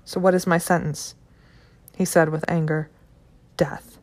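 A woman reading a scripted documentary narration in a measured, sober way, including quoted testimony. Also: deep voice, little pitch movement, a little mellow.

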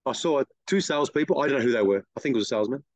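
A middle-aged man, a guest telling blunt, lively stories in an interview and acting out other people's lines. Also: medium pitch, rapid-fire, no room sound. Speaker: guest, car detailing business owner. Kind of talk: casual interview storytelling.

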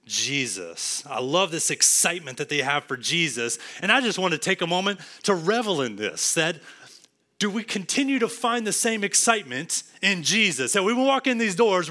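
A man from Texas with a Texan accent, preaching a sermon earnestly, going from emphatic to hushed. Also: high voice, expressive, normal speed. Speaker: pastor.

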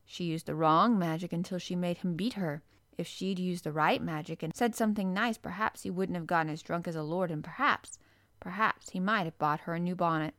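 A woman's voice: lowish voice, brisk, fairly bright tone, dry recording, studio quality, close to an everyday voice. A woman voicing a solemn, commanding young boy. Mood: lecturing. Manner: grave, commanding, chanting. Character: earnest solemn young boy leading a chant.

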